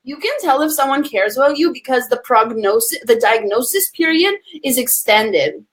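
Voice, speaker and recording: A woman in her thirties, a business coach talking in a lively, casual way, laughing often and acting out other people's lines. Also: a little high, moderate pace. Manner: animated, laughing, swears casually, acts out quotes. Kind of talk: casual live-stream interview.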